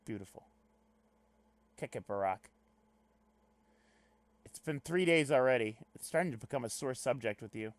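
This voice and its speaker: A young man reading a webcomic aloud on stream, breaking off into loud, animated asides. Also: medium pitch, moderate pace, pauses often. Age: young adult. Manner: animated, swings to loud excited rants.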